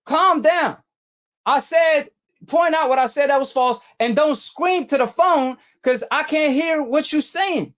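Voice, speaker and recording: A man's voice: very high voice, a little slow, a bit bright. A man hosting a call-in boxing debate show, combative and slangy, hammering callers with the same challenge. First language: Arabic. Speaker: talk show host.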